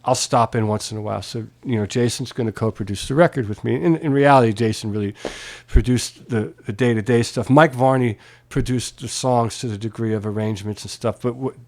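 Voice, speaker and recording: Relaxed middle-aged man telling stories. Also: medium pitch, a little fast. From Pennsylvania. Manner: animated anecdotes, casual swearing, laughs while telling. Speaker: guest musician. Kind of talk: relaxed storytelling.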